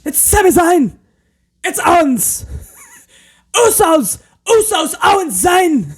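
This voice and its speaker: A man doing a mocking impression of a male wrestling commentator who yells in choppy spurts. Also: very high voice, very animated, slow pace, voice pushed up, exaggerated voice. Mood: frantic shouting. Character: frantic male wrestling commentator shouting in bursts.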